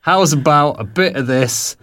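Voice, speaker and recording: A man's voice: a little high, measured pace, a bit bright. Chatty, hesitant male radio host. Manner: rambling and hesitant, with many fillers. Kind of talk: casual on-air radio chat.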